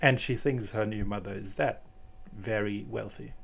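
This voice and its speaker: Male narrator for fan audiobook, plain steady read, occasional restarts. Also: lowish voice, moderate pace, creaky. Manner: plain reading with small restarts.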